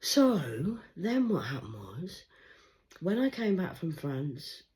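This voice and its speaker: A woman, reading tarot cards in a rambling livestream monologue, swinging between loud urgency and hushed murmurs. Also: lowish voice, very animated, takes it slowly. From England. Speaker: tarot card reader.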